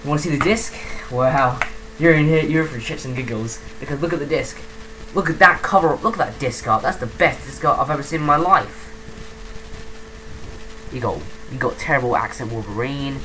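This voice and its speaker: A woman's voice: a bass voice, fairly quick, a bit bright, slight background noise, low-quality recording. A woman giving a profane, rambling, mocking comedic film review.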